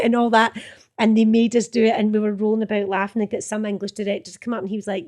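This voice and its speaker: Her voice sits on the high side, delivered flatly and at a quick pace. She's a middle-aged actress with a Scottish accent, a guest chatting casually about past roles while laughing and cursing.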